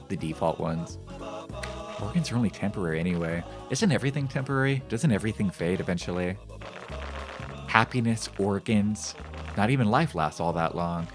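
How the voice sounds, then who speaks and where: A male streamer giving casual, joking commentary while playing a game, rambling and reading game text aloud. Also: low voice. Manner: repeats phrases in shifting voices.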